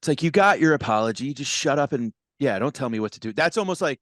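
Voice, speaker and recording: A man's voice: medium pitch, fast talker, hardly any pauses, no echo, studio quality. A man, a comedian hosting a podcast, telling stage stories in a casual chat and acting out voices. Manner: animated storyteller, acts out voices.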